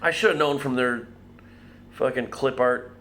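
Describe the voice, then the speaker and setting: A man's voice: mid-range voice, a little slow, pushed and bright, a little hiss or hum. A man reviewing beer in a casual vlog, wry and blunt, swearing offhandedly.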